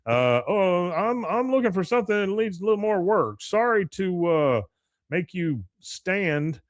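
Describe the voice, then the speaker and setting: A man putting on a high, quavery old lady. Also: big pitch swings, measured pace, no room sound. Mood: fussy, polite. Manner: quavering, apologetic, hesitant. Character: frail elderly woman with a walker, fussy and polite.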